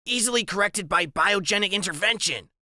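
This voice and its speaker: Small brainy boy voiced by a man, lofty old-fashioned phrasing, raised pitch, dry recording. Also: a little fast, sharp tone, no echo. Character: small brainy boy, grand bookish talker.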